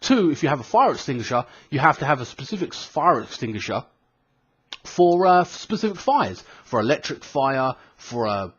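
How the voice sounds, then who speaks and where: A man's voice: medium pitch, sing-song, normal speed, fairly bright tone, slightly rough. A thirty-year-old British man with a British accent, telling a rambling, sweary story in a casual vlog, full of fillers and restarts. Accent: British English. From Britain. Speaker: gaming vlogger. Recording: dull lo-fi home recording.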